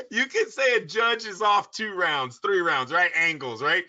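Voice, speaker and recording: A man co-hosting a boxing talk show in casual chat, excitable and scolding, laughing often. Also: high-pitched, slow pace. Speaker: boxing podcast co-host. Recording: dull lo-fi audio.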